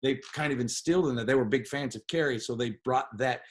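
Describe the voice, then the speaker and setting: A man's voice: medium pitch, quick pace. A man, a guest comedian telling stories in a casual podcast chat, swearing freely. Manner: animated storyteller, swears freely, puts on voices.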